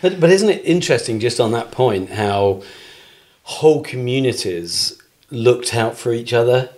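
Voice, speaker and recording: A man hosting an interview podcast, with a mid-range voice. He keeps up a steady stream of encouraging remarks and reflects on his guest's stories. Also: medium pitch, measured pace. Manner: supportive, backchannelling, finishing guest's sentences. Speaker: podcast host.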